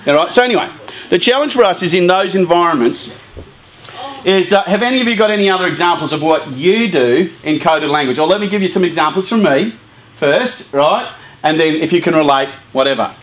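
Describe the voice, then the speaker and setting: A middle-aged man giving a casual, animated talk to a youth group, laughing often and acting out quoted lines. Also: fairly high pitch, a little fast, rough recording.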